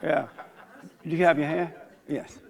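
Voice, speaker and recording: A man's voice: fairly high pitch, steady tone, measured pace, gravelly. An older man hosting a church discussion, talking in a folksy, joking way and laughing often. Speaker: host leading a church discussion. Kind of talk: casual preaching talk.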